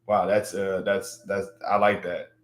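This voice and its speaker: Guy from louisiana chatting live, low voice, roomy echo, gets loud and excited. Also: unhurried. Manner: animated, repeats words, hypes up viewers. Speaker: livestream host. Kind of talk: casual livestream chat reading viewer comments.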